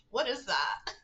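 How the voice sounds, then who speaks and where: A woman's voice: fairly high pitch, bright, forceful tone, poor audio. A young woman livestreaming a dating game, reading its text aloud with giggly, chatty asides. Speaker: streamer.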